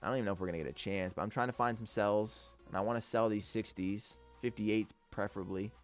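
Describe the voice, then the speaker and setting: A young man live-streaming his day trading, excitable and swearing often as he talks to his chat. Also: lowish voice, quick pace. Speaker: livestreaming day trader. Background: faint music.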